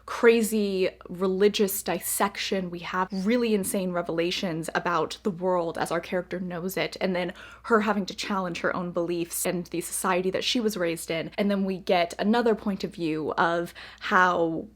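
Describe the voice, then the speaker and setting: A woman's voice: fairly low pitch, steady tone, moderate pace. A young woman vlogging about books, gushing and effusive, repeating words for emphasis. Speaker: book vlogger. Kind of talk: casual reading vlog chat.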